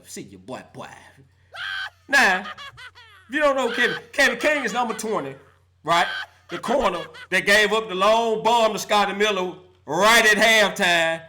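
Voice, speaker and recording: A man's voice: high-pitched, bright, forceful tone. A young adult man hosting a live call-in sports show, roasting players and fans in a laughing mock-preacher style.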